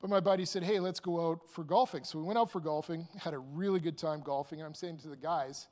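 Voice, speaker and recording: A man in his fifties telling a personal anecdote aloud, animated and rambling with fillers and restarts. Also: on the high side, fast talker. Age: 50s. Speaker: storyteller. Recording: long hall reverb.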